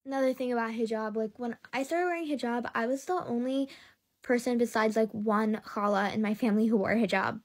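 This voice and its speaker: A woman's voice: fairly high pitch, a little fast. A young woman talking to camera in a casual, heartfelt way, emotional and close to tears, rambling with lots of likes and ums. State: tearful. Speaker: social media creator.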